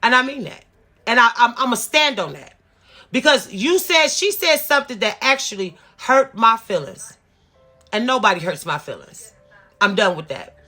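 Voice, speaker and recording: Over soft background music, a vlogger in her fifties rants through a storytime, profane and emphatic, repeating herself to drive points home. Her slightly high voice sounds pushed and bright, swinging widely in pitch at a normal speed.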